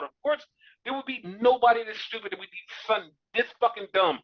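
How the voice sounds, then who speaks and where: A man co-hosting a casual wrestling review chat, telling events in an animated, profane, exasperated way. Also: sits high, a little fast. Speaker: podcast co-host. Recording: dull lo-fi recording.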